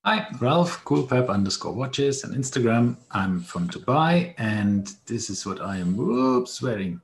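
A man's voice: medium pitch, lively intonation, measured pace. A man introducing himself on a video chat in an offhand, fumbling way. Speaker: panel guest. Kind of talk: casual live stream chat. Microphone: video call.

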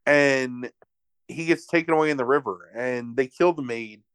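A man's voice: mid-range voice, moderate pace, smooth, no room sound. A young man hosting a podcast, animatedly retelling a film with profanity and acted-out voices. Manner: animated, profane, acts out characters. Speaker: podcast host. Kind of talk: casual chat, comic movie recap.

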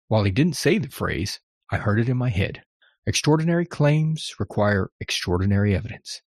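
A man's voice: on the low side, slightly rough, no echo, clean studio sound. A man hosting a podcast, talking through a scripted monologue in a conversational, wry manner. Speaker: podcast host.

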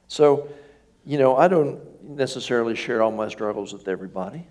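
A man preaching a sermon to his congregation in a relaxed, conversational way, often checking in with questions. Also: mid-range voice, normal speed, gravelly. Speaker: pastor. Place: church sanctuary.

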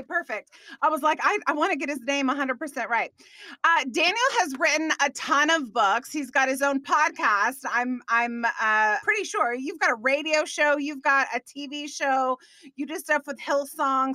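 A woman's voice: high-pitched, bright, forceful tone, dry recording, clean studio sound. A woman hosting a podcast, chatting with a guest in an upbeat, enthusiastic way and laughing often. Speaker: podcast host. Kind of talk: upbeat interview chat.

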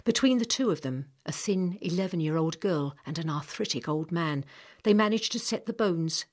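A woman narrates an audiobook with a low, slightly husky voice. Her reading is measured and expressive, with a slightly breathy edge.

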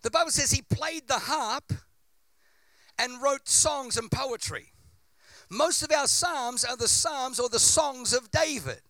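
A man's voice: very high voice, slow, pushed and bright, no echo. A man preaching a sermon with impassioned, repetitive build-ups.

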